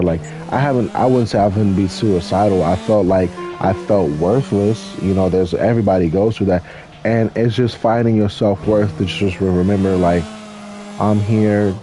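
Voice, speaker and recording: A young man's low, warm voice comes through with a bit of hiss or hum. He's a YouTuber playing a driving game and answering viewers in a casual Q&A, rambling, cursing, and using loose slang.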